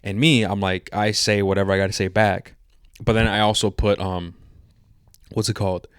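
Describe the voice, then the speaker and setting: A lowish-voiced man co-hosting a podcast, telling stories in loose, profane chat. The sound is dry and close. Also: normal speed, clean tone, no echo. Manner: profane, animated storytelling. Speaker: podcast co-host.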